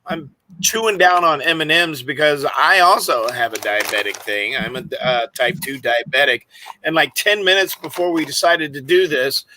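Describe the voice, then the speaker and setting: A man's voice: on the high side, normal speed, sharp tone, a little hiss or hum, low-quality recording. A man co-hosting a casual video podcast, chatty and telling stories with easy laughs. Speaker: podcast co-host and park ranger. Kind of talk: casual chat.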